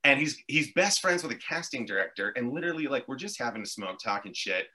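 A man's voice: medium pitch, expressive, fast, bright, forceful tone. A man from Montreal telling long, tangential stories in casual chat, swearing freely as he goes. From Montreal, Canada. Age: adult with three children. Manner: rambling, tangential storytelling with frequent swearing. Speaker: podcast guest, actor.

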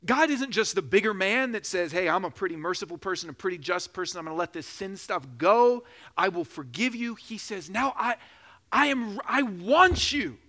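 A man in his thirties preaching a sermon, telling a joking personal story, then building to loud, slow emphasis. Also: high voice, lively intonation. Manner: preaching with rising emphasis, slowing for key phrases; jokes and laughs during a personal story. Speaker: pastor.

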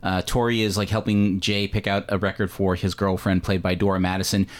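Low-voiced man rambling about movies. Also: flat delivery, brisk. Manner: rambling, many fillers and self-corrections. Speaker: podcast host. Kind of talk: casual movie discussion.

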